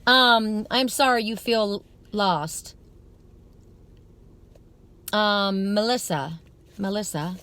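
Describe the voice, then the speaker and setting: A woman's voice: medium pitch, drawn-out words, pauses often, fairly bright tone. A woman giving a live psychic card reading to her viewers outdoors at dusk, talking in an earnest, rambling, spiritual way.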